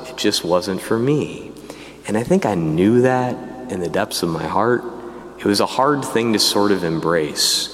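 A priest tells his own vocation story in a lively, casual manner, with asides to the listeners. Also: mid-range voice, moderate pace, long reverb tail. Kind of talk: personal testimony talk.

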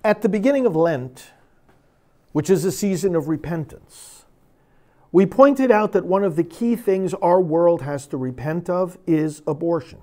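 A man's voice: high-pitched, animated, measured pace, dark tone. A man who is a priest, giving a sermon and reading scripture with emphatic, dramatic force.

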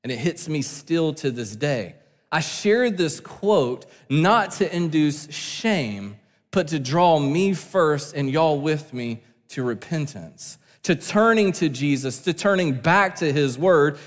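A man's voice: on the high side, expressive, slow, in a large hall. A man preaching a sermon from the pulpit, earnest and building to emphatic peaks. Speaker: pastor. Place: church sanctuary.

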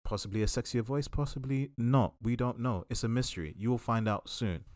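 A man's voice: mid-range voice, a little fast, a little mellow, no echo, studio quality. A man co-hosting a podcast in casual chat, laid-back and teasing. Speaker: podcast co-host.

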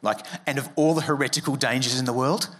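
A man's voice: medium pitch, steady tone, fast talker, a bit bright. A man preaching a sermon as a pastor, conversational and joking, acting out quoted voices. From Australia.

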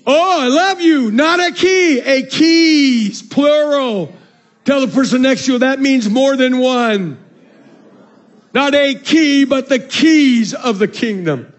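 Man preaching, very high voice, shouting then dropping soft, calling to the crowd. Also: lively intonation, slow. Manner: preaching with shouted peaks and sudden soft drops; calls out to the congregation. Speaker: pastor. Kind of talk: sermon.

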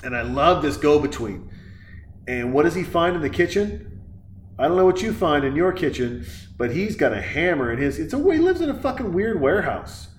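A man rambling through a comedic movie recap, profane and excitable, jumping from point to point. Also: fairly high pitch, normal speed, roomy sound, a little hiss or hum. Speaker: movie reviewer.

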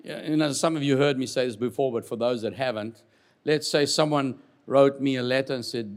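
A man preaching a sermon as pastor, animated and joking with the congregation, swinging from loud to quiet. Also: mid-range voice, brisk. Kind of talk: lively sermon.

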